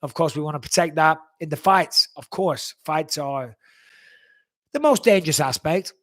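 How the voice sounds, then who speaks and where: A man hosting a live Q&A, answering viewer questions in a blunt, profane, animated way. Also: on the high side, normal speed, no room sound. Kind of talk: live Q&A chat.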